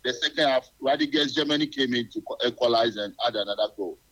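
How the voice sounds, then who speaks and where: A man's voice: mid-range voice, fairly bright tone. Rambling man on a phone line. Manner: rambling, cheerful, halting with fillers. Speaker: caller. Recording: phone call on radio.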